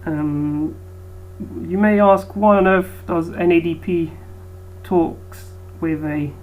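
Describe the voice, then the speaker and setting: A woman's voice: on the low side, steady tone, takes it slowly, a little mellow, low-quality recording. A woman biology teacher giving a recorded lecture, hesitant with frequent ums.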